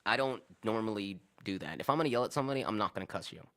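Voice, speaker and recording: A man's voice: on the low side, very fast. A man in casual podcast chat, retelling an argument with lots of swearing and quoted back-and-forth. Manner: animated, profane, acts out both sides of arguments.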